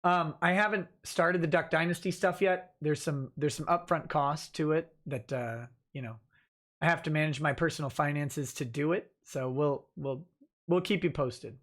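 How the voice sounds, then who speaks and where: A man's voice: on the high side, moderate pace, a bit bright. A man hosting a livestream, reading viewer comments aloud and answering them casually with restarts and chuckles. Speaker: livestream host reading chat.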